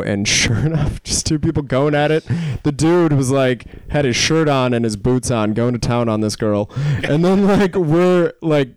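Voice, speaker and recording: A man telling animated, profane stories on a casual comedy podcast, laughing often and filling his talk with "like". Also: mid-range voice, normal speed, few pauses, clean tone, no echo, clean studio sound. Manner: animated, profane, laughing storyteller with many "like" fillers. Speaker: guest comedian.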